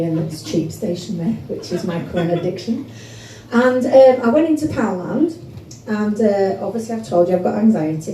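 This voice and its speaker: A woman's voice: medium pitch, warm tone, far from the mic, slight background noise. A woman doing a stand-up comedy set, chatty and self-deprecating with many fillers. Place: comedy club. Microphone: phone standing on a table in the audience. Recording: echoey club recorded from afar.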